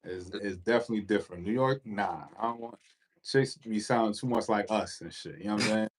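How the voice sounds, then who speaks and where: Male co-host, lower voice, blunt slangy talk that trails off. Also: fast talker, background noise. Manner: blunt, slangy, drops to a mumble at phrase ends. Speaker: podcast co-host. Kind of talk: casual chat.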